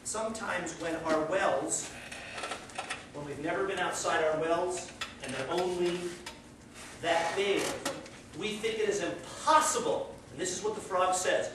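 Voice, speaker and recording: A man teaching a college class, conversational and encouraging, and an animated storyteller. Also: high-pitched, a little hiss or hum. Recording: echoey classroom, heard from far off.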